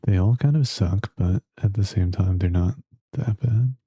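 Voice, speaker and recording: A man's voice: low voice, unhurried, slightly rough, no echo. A man streaming a game and chatting with viewers, crude and teasing. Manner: crude, teasing banter with chat. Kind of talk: casual gaming stream chat. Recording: dull lo-fi stream audio.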